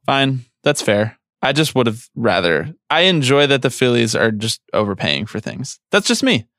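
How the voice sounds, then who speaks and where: A man's voice: medium pitch, animated, normal speed, a bit bright, no echo, clean studio sound. A young man with a Philadelphia accent co-hosting a podcast, joking and self-mocking in casual chat. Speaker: podcast co-host.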